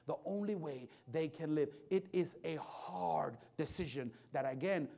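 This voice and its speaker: A man with a fairly high voice preaches a sermon, recounting a story from his time as a hospital chaplain. He swings between hushed and loud, building up again and again.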